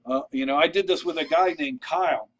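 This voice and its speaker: A man's voice: on the high side, brisk. Chatty man on a muffled recording. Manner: conversational, checks in with "all right?"; loose and rambling, with restarts and asides. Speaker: vlogger giving networking tips. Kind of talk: casual advice talk to camera.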